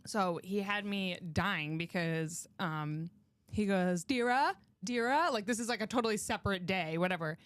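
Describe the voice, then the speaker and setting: A woman's voice: on the low side, moderate pace, smooth, no echo, clean studio sound. A woman co-hosting a casual podcast, telling stories in a wry, laughing way. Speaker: podcast co-host. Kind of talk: casual chat.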